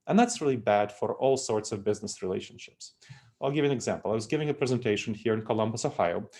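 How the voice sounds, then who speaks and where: A man's voice: on the low side, animated, quick pace, darkish tone. A middle-aged man from Moldova with a Russian accent, giving a training talk to business leaders in a repetitive, emphatic way. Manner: repetitive, emphatic explanatory delivery. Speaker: speaker, trainer.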